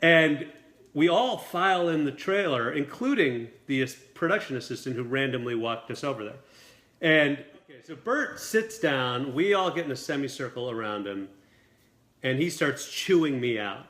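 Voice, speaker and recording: A man, a film director and guest, telling a lively anecdote at a dinner table interview. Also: mid-range voice. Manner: quick, lively storytelling with acted quotes.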